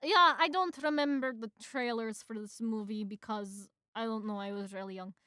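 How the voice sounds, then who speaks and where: A young woman streamer reads a film script aloud, casual and rambling with fillers. Her voice is high, bright and crisp. It is recorded close on a desk mic with a dry sound. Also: moderate pace, no room sound. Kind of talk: casual script read-through.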